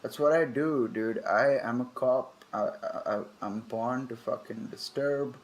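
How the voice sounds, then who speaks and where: A man's voice: mid-range voice, unhurried. A young man casually commenting as he plays a video game, thinking aloud in a laid-back, profane way. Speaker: gamer playing through a game. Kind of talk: casual let's-play commentary.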